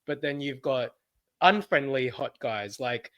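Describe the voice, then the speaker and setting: Bright-voiced Australian man, giggly chat. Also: mid-range voice, measured pace. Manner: giggly, animated storytelling with frequent laughs. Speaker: podcast co-host. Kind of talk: casual chat.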